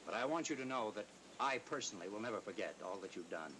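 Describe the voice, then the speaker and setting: A man's voice: fairly low pitch, expressive, fast, pushed and bright, a little hiss or hum. An actor playing a sly, polished townsman who speaks effusively in a 1940s Western film. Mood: smooth.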